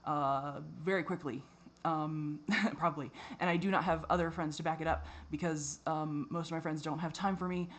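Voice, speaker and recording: A tired man rambling in a personal vlog, swearing a lot and drifting between normal talk and low mutters. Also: steady tone, normal speed, fairly bright tone. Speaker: vlogger.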